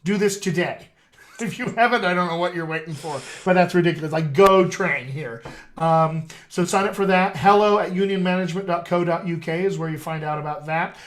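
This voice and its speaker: A man's voice: sits high, fairly quick. A middle-aged man, a dialect coach, hosting a casual live-stream chat in an upbeat, salesy way and calling his viewers his friends.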